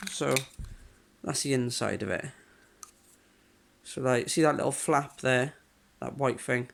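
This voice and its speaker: A man's voice: mid-range voice, measured pace, gravelly, a bit bright. A young man, ill with covid, talking casually and matter-of-factly to camera in a home vlog, full of fillers. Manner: chatty and matter-of-fact, with lots of fillers. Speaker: vlogger.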